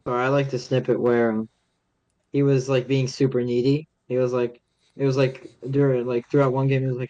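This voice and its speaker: Young male co-host, casual and halting, stops and restarts often. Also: mid-range voice, level tone, dark tone, highs cut off. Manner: halting, many restarts and fillers. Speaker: podcast co-host. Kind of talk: casual sports chat.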